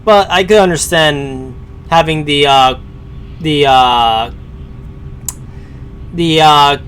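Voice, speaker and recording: Rambling man streamer, slightly high voice. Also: slow pace, fairly bright tone, slight background noise. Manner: rambling, hesitant, many fillers. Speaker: streamer reacting to a story. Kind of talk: casual live-stream commentary.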